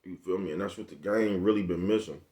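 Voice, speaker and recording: Bay Area accent, man, low-pitched voice, laid-back slangy rambling. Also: fast, dark tone. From San Francisco Bay Area. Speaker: vlogger. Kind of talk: casual monologue.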